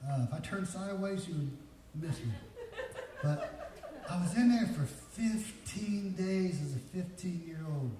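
A pastor in his fifties preaches in church with a high-sitting, mellow voice, expressive and measured in pace. He tells folksy personal stories that build to emphatic peaks, captured by a distant mic in an echoey hall with faint noise.

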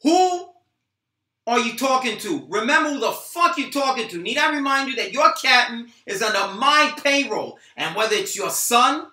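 Brief: man with a high, bright voice, cocky tough-guy delivery on a video call, echoey room. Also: sing-song, moderate pace. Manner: swaggering tough-guy delivery, heavy profanity. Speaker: actor reading a gangster part. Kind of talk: virtual script reading.

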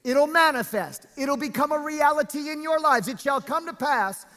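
A male pastor preaching a sermon, reading scripture aloud with drawn-out, half-sung emphasis and stirring the congregation. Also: very high-pitched, bright, forceful tone, big-room sound, faint music behind.

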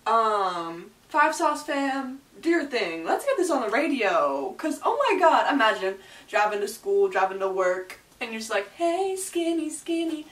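A young woman reacting to a music video as a gushing, excitable fan in a casual vlog. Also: mid-range voice, a little slow, few pauses, echoey room, far from the mic, low-quality recording.

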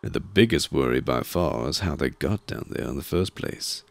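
A man voicing a brisk, stern female military officer in an audiobook reading, speaking bluntly. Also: extremely low pitch, animated, creaky, no room sound, heavily acted. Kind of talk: audiobook character voice.

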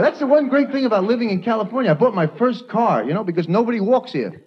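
A young man from New York doing a stand-up routine, delivering quick punchlines and slipping into silly voices. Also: high voice, animated. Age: young adult. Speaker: stand-up comedian. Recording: dull lo-fi 1980s TV audio, loud hiss. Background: studio audience laughter.

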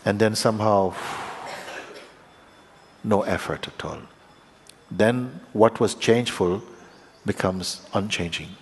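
A man with a fairly low voice gives a spiritual teaching in a reverberant hall. He speaks slowly and reflectively, in plain, simple phrases broken by halting pauses. The long echo of the room trails after each phrase. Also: a little hiss or hum. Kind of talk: satsang talk.

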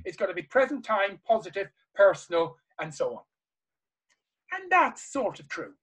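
A man's voice: high voice, very animated, moderate pace, fairly bright tone, breathy edge, low-quality recording. A man giving a motivational seminar to a live audience, emphatic and repeating key phrases with passion. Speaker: seminar speaker. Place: live talk before an audience.

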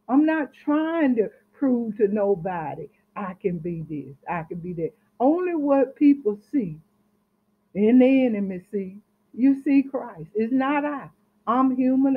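A woman minister preaching a sermon with fervent, emphatic delivery that rises and drops softly. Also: on the high side. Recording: tinny phone-line sound.

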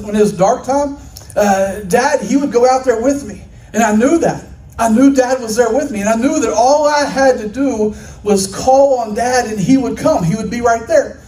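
A pastor from Oklahoma preaching a sermon in a church, moving from folksy farm stories to impassioned preaching. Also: male voice, sits high, darkish tone. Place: church sanctuary. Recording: echoey room, mic at a distance.

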